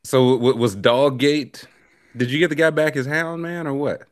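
A man's voice: mid-range voice, fairly even intonation, normal speed. A young man co-hosting a casual sports chat, joking and teasing in loose, playful banter. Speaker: podcast co-host.

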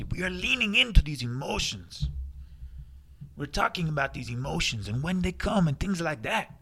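A man voicing an excitable party host with a Spanish accent, telling a comic story. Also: sits high, voice pushed up, full character voice.

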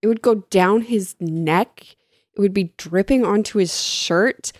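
A woman's voice: medium pitch, a little slow, no room sound, clean studio sound. A woman co-hosting a casual comedy chat, ranting with theatrical, mock-dramatic outrage. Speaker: podcast co-host.

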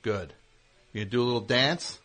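A man's voice: mid-range voice, pushed and bright. A man hosting a call-in radio show, teasing callers and rambling through stories. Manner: teasing, rambling, quick back-and-forth. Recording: radio broadcast.

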